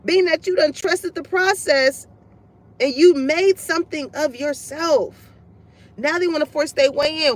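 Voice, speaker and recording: Blunt, high-voiced woman reader. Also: a little slow, low-quality recording. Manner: blunt, profane, laughs often, acts out others' lines. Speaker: tarot reader. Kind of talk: casual spoken reading to viewers.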